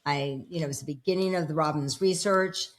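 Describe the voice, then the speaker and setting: In a deep voice and at a fast clip, a woman in her fifties tells her story, acting out the dialogue. She's a personal development coach giving a casual interview in her home, where dogs are around.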